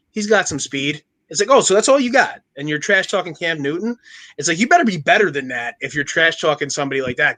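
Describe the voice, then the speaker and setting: A man co-hosting a casual podcast, talking sports quickly with lots of fillers. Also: fairly high pitch. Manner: quick, animated sports talk with many fillers. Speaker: podcast co-host. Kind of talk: casual chat.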